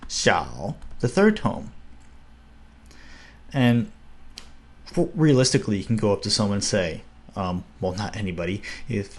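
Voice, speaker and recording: A young man giving a casual, upbeat video lesson, slowing down to spell out words. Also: lowish voice. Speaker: language teacher.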